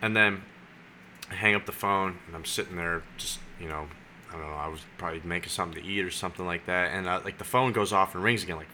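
A young man telling a story in a casual podcast chat, acting out both sides of his phone calls in an animated way. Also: low voice, fast talker, slight background noise. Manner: animated, acts out phone calls in quoted voices. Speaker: podcast guest.

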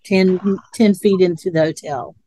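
A woman's voice: lowish voice, steady tone, a little slow, dark tone, slight background noise. A woman co-hosting a podcast in casual chat, rambling and laughing a lot. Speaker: podcast co-host.

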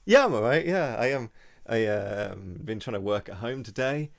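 Gravelly low-voiced man, chatty podcast host. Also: moderate pace, no echo, clean studio sound. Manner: chatty, laughs often, animated storytelling with restarts. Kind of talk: casual chat.

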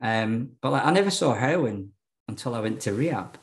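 As a podcast guest, a man tells his own story frankly, swearing, using plenty of fillers, and laughing often. His mid-range voice has lively intonation and moves a little fast.

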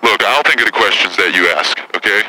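A brash, foul-mouthed celebrity woman caller, put on by a man who rambles, curses and picks fights. The voice sits low, with a sharp, tense edge on every line. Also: expressive, brisk, low-quality recording. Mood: combative. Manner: profane, combative, rambling. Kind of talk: prank call impression.

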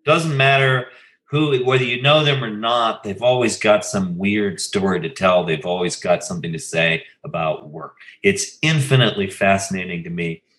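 Thoughtful low-voiced man asking questions. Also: moderate pace, a bit bright. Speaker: interviewer. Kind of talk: reflective intro and questions.

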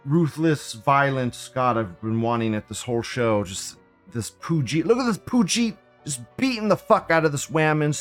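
A man hosting a live show, reading forum posts aloud and reacting in an excitable, profane, rambling way. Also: a little high. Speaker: livestream host.

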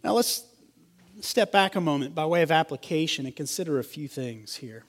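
Man preaching a measured sermon. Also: a little high, expressive. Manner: measured expository preaching, slowing for emphasis. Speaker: pastor.

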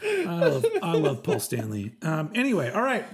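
A man from Texas co-hosts a casual music podcast. His voice sits a touch higher than most men's, and he rambles, swears freely and keeps restarting his sentences. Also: wildly swooping pitch, moderate pace, a crowd in the background. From Texas, USA. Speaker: podcast co-host. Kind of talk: casual chat.

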